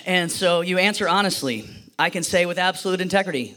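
High, bright-voiced man preaching. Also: animated, a little fast. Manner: storytelling, acts out voices, playful. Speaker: pastor. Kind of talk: sermon with personal story.

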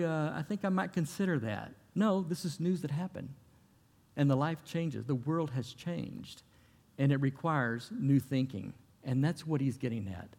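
A middle-aged man preaching a sermon, conversational and lively, telling stories and often restarting his sentences. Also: on the high side, big-room sound. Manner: conversational, animated storytelling with repeated restarts. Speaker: pastor.

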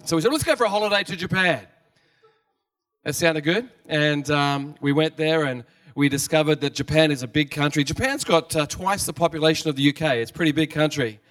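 A man's voice: on the high side, a bit bright, no echo. Guest pastor, male, conversational sermon, repeats himself and checks in with the crowd, recorded dry and a little distant. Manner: conversational, repeats words, asks the crowd questions. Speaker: visiting pastor. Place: church hall. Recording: dry sound from a distant mic.

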